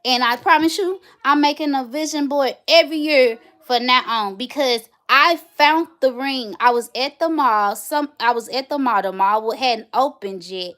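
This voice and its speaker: A woman's voice: sits high, normal speed, hardly any pauses. Chatty woman hosting a casual livestream. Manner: chatty, animated storytelling, addresses viewers directly. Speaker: livestream host.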